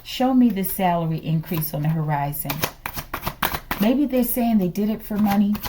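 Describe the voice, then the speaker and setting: A woman's voice: medium pitch, lively intonation, normal speed, noisy background. A woman giving a casual tarot reading, thinking aloud and dropping into whispered asides to the viewers. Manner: drops into whispered asides, often addresses the viewers as the collective; rambling, thinks aloud with frequent sighs and laughs. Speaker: tarot reader.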